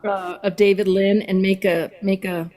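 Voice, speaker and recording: Woman on a podcast call making suggestions, earnest, normal pitch. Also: flat delivery, normal speed, darkish tone. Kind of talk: casual group chat on a call.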